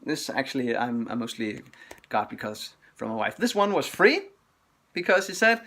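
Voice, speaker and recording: A man's voice: medium pitch, big pitch swings, normal speed, bright, forceful tone. Enthusiastic man chatting. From Denmark. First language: Danish. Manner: enthusiastic, chatty record reviews. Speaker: record collector vlogger. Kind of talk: casual chat.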